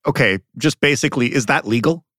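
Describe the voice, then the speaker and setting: A man hosting a podcast interview, asking questions in a relaxed, slightly wry way. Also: mid-range voice, a little fast, dry recording, clean studio sound. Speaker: podcast host.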